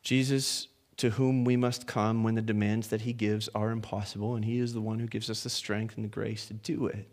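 A pastor preaching a sermon in a conversational way, dropping to hushed lines and rising to animated ones, with playful asides and restarts. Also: male voice, lowish voice, fairly quick, hardly any pauses.

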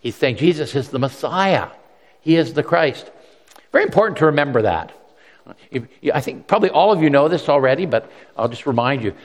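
A man preaches briskly, his fairly high voice carrying a big-room sound. His sermon has a conversational feel, with frequent repetition and lively character voices for the quotes in it.

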